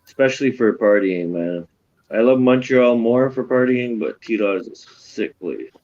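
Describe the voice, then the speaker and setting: A man's voice: medium pitch, lively intonation, measured pace, a little mellow, muffled recording. A man in casual chat on a livestream, laid-back and slangy. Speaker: stream chat participant.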